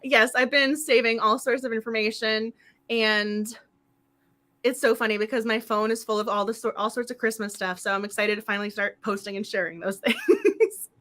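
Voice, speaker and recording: Bright, slightly hoarse woman hosting. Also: on the high side, moderate pace. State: slightly hoarse, losing her voice. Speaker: book club host. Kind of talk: casual livestream chat.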